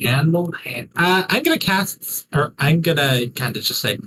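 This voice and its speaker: Husky male player, stammering, hesitant. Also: on the high side, very animated, normal speed, few pauses, a bit bright, poor audio. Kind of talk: tabletop game play.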